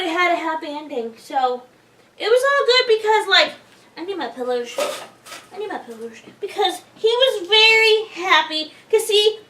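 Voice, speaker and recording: A woman with a very high, girlish-pitched voice rambles excitedly and naively through a comedy sketch. She sounds set back from the microphone, and the room adds a clear echo. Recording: roomy and distant from the mic.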